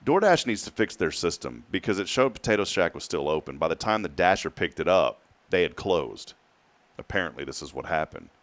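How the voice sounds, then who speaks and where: A man's voice: sits low, sing-song, brisk. A man in his thirties with a Texan accent, hosting a morning show and telling a long rambling story with frequent chuckles. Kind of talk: casual chat.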